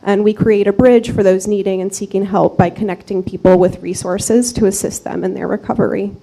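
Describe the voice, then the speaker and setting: A soft-spoken woman, a clinical psychology fellow, giving prepared remarks at a city meeting, with small fillers. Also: mid-range voice, steady tone, fairly quick, vocal fry, rough recording. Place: city commission chamber.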